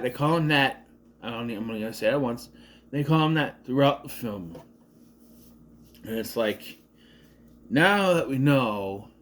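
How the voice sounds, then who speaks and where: A man giving a casual, rambling movie commentary, sarcastic and often cutting himself off. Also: mid-range voice. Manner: rambling, sarcastic, self-interrupting. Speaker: movie reviewer.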